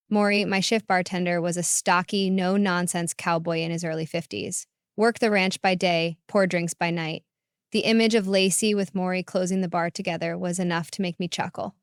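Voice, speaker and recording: A woman narrating a first-person story in a calm, reflective way. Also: on the low side, clear, resonant tone, no echo, studio quality.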